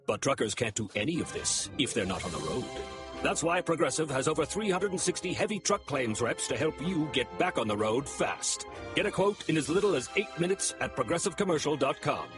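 A man's voice: a little high, sing-song, brisk, over music. A man reading a radio commercial in an upbeat, quirky way.

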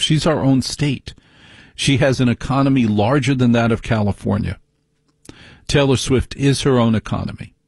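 Husky-voiced man ranting in a dry room. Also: medium pitch, dry recording. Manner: ranting, conversational, asks rhetorical questions. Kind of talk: opinionated monologue.

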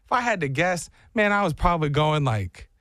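A man's voice: a little high, very animated, fairly quick, fairly bright tone, dry recording, clean studio sound. A man in his thirties hosting a chat show, telling a story in an exaggerated, self-mocking way and acting out the sounds.

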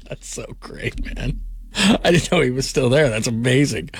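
A man's voice: mid-range voice, animated, a little slow, slightly rough. A man hosting a late-night sports call-in radio show, rambling loosely and laughing often between thoughts.

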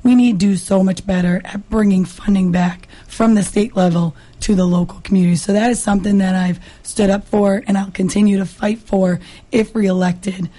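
A hoarse woman from Massachusetts with a raspy voice, a state representative talking earnestly as a guest in a radio interview, with many fillers and restarts. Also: mid-range voice, steady tone, moderate pace, mellow. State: hoarse, lost her voice.

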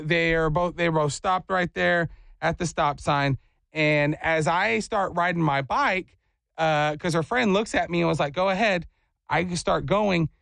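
A man hosting a talk show, telling a story in a casual, animated way and acting out the people in it with jokes. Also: sits high, vocal fry, no room sound. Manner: animated, acts out quotes, jokey.

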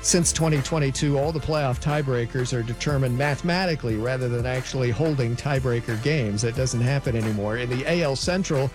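A man reading a brisk, matter-of-fact rundown of scores as the sports update anchor in a radio studio. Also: mid-range voice. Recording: music bed under voice.

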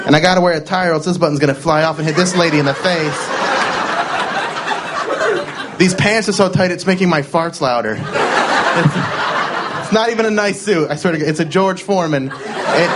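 A man doing a stand-up routine, telling self-mocking jokes in a deadpan way. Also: fairly high pitch, brisk, very noisy. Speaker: stand-up comedian.

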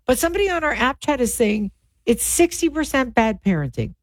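A middle-aged woman co-hosting a radio talk show, animated and opinionated in her chat. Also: sits high, a little fast, no echo. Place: radio studio. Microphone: studio microphone.

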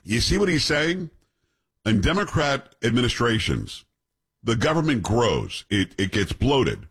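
An unhurried, sing-song New Yorker with a medium-pitched, husky, somewhat bright voice hosts an opinion show. He narrates clips with blunt, scornful remarks, often breaking into rhetorical asides.

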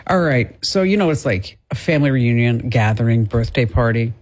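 A woman hosting a talk radio show, chatting casually, telling lively stories and laughing easily. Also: rumbling low, normal speed.

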